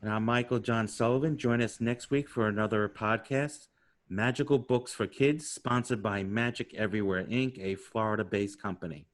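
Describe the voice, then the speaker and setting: A man's voice: lowish voice, moderate pace. A man in his sixties with a New York accent hosting a podcast interview, chatting in a rambling way and laughing easily. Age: 60s. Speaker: podcast host. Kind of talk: casual interview chat.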